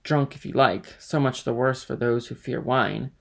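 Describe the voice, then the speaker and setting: A man reading aloud, voicing a drunken, boastful tavern man who blusters loudly. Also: medium pitch, normal speed, vocal fry. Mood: tipsy boasting. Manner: blustering, tipsy.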